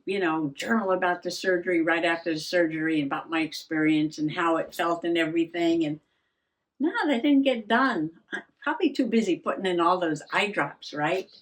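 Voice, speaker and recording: Brisk and fairly low-pitched, an older woman vlogs about her journaling in casual chat. She rambles, pokes fun at herself, laughs frequently, and seems a bit out of breath.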